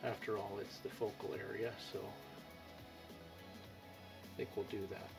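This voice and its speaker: Gravelly-voiced man teaching painting. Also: on the low side, flat delivery. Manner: thinks aloud while painting, with pauses and fillers. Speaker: painting instructor. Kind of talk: unhurried painting tutorial. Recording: music playing behind.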